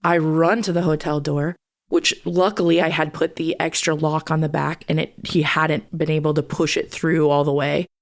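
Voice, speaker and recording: Low, gravelly woman podcast host. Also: little pitch movement, moderate pace. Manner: candid, conversational, swears freely. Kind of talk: casual storytelling.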